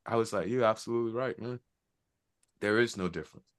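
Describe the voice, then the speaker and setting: A man's voice: on the low side, quick pace, a bit bright. A middle-aged man and military veteran telling a personal story in a casual, reflective way, quoting the people involved. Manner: casual, reflective, quotes others in conversation.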